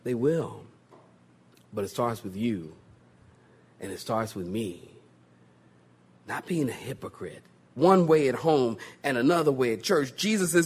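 Preaching at a slightly slow pace, this pastor has a somewhat high voice with a breathy quality. His sermon is humorous and lively, full of jokes and mock voices used to get laughs and land his point.

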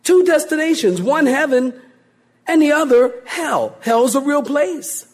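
A male pastor delivering a sermon, animated and joking, acting out quoted voices as he preaches. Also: very high-pitched, unhurried.

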